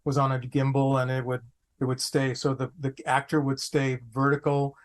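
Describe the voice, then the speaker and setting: A man, an actor guest on a podcast, telling anecdotes in an animated way, repeating phrases for comic effect. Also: medium pitch, normal speed. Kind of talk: anecdotal storytelling.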